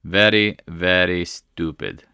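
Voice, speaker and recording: A man's voice: low voice, slow pace, creaky, pushed and bright, clean tone, no room sound, studio quality. A man giving casual, blunt market commentary over stock charts, often saying "again" and "right?" and breaking into exclamations.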